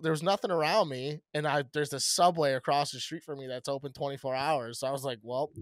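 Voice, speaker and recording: Young male co-host, slightly high voice, loose and profane, dry mic. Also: fairly quick, hardly any pauses, no room sound. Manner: swearing, rambling, laughing. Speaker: podcast co-host. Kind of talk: casual chat.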